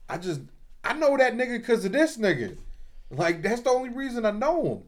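A man's voice: very high-pitched, brisk. A man co-hosting a casual podcast, telling stories with a lot of cursing and mocking exasperation. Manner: animated storyteller, profane, mocking. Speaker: podcast co-host. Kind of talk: casual chat among friends.

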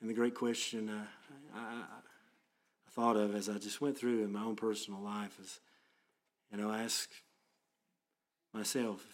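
Earnest low-voiced male pastor preaching. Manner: earnest, plain-spoken preaching that turns to quiet prayer. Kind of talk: sermon.

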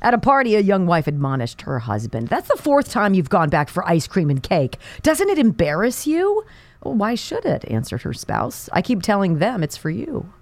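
A woman radio host telling corny jokes in casual banter, animated and giggly. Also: medium pitch, normal speed, slight background noise. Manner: animated, giggly, exaggerated joke voices.

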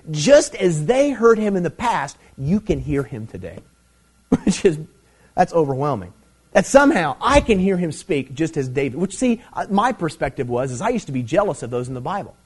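A man preaching a sermon as pastor, emphatic and conversational, with big swings in pitch and loudness and frequent asides like "see" and "man.". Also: very animated, moderate pace, slightly rough.

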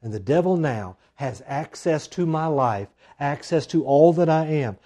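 A man preaching a sermon, swinging from loud emphatic lines to hushed, drawn-out asides. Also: on the high side, expressive. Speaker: pastor.

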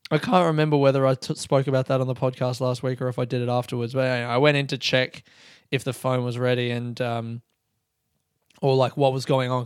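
A man's voice: mid-range voice, fairly bright tone, clean tone, no room sound, clean studio sound. A man hosting a podcast, telling stories in a casual, sweary way and often laughing at himself. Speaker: podcast host. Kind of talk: casual storytelling chat.

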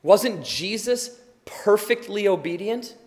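A tired man preaching as a pastor, earnest and swinging from quiet to loud emphasis. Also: high-pitched, lively intonation, slow pace, in a large hall. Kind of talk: sermon.

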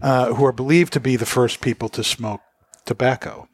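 A man's voice: medium pitch, fairly even intonation, normal speed, no echo. Cigar podcast host guy, kinda rambly, lots of uhs, dry close sound. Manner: rambling, lots of "uh" and "you know". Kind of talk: casual chat about cigars. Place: small podcast studio.

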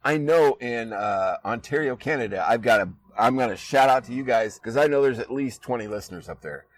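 A man's voice: mid-range voice, brisk, distant mic, rough recording. A man from Iowa hosting a podcast, chatting casually and laughing easily, recorded outdoors in a backyard. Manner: laid-back, laughing, chatty. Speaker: podcast host. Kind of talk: casual chat.

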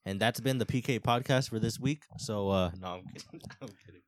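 A man's voice: fairly low pitch, brisk, slight background noise. A man in his twenties co-hosting a podcast, talking casually and padding every sentence with fillers. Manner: filler-heavy, says "like" constantly. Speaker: podcast co-host.

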